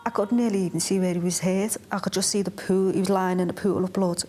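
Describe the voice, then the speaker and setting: A mother quietly recalling events in a documentary interview, numb and halting. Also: medium pitch, fairly even intonation.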